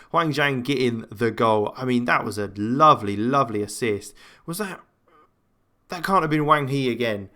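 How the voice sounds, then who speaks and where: A man's voice: mid-range voice, lively intonation, moderate pace, pushed and bright. A man giving rambling, chatty commentary as he plays a football management game, full of fillers and side remarks. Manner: chatty, rambling match commentary with self-talk and frequent fillers. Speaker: gaming channel host. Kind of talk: let's-play gameplay commentary.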